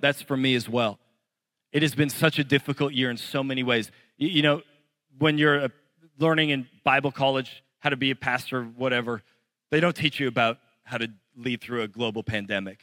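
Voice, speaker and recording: A man's voice: medium pitch, a bit bright, no echo, long reverb tail. A young adult male pastor preaching a sermon in church, telling stories earnestly and rising to pleading intensity. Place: church hall with congregation.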